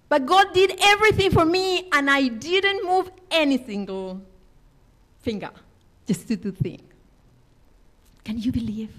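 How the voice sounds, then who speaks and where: High-voiced woman giving an earnest sermon. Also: animated, measured pace, a bit bright. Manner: earnest, emphatic, non-native English phrasing. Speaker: lay preacher. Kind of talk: personal testimony sermon. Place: church.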